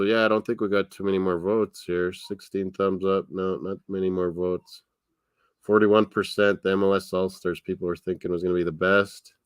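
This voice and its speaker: Hosting a live sports watchalong, a man rambles in relaxed live-stream chatter and laughs a lot. His voice sits low with a clear, resonant quality, and the recording is dry.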